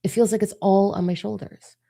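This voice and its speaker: A woman's voice: medium pitch, steady tone, a little fast, gravelly, dark tone. A middle-aged woman speaking in a raw, emphatic confessional monologue, swearing freely as she opens up. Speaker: spiritual vlogger. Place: living room.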